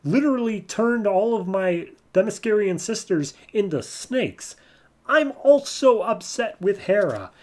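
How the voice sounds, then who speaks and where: A man's voice: high-pitched, animated, unhurried, darkish tone, voice pushed up. A man voicing an earnest, heroic warrior princess in a comic recap, pleading sincerely.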